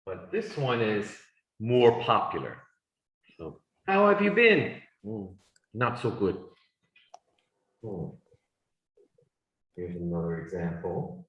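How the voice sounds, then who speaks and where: Man, English teacher, slow careful delivery, voice swooping up and down, echoey room. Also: dull audio. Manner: slow, deliberate speech with lively pitch swings. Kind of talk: classroom lesson. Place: classroom. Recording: echoey classroom sound.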